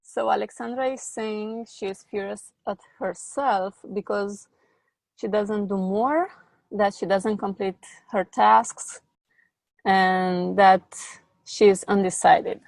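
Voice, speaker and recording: A woman facilitating a group session, guiding participants through an exercise with slow, instructive prompts. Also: medium pitch, fairly even intonation, creaky, dry recording. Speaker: workshop facilitator.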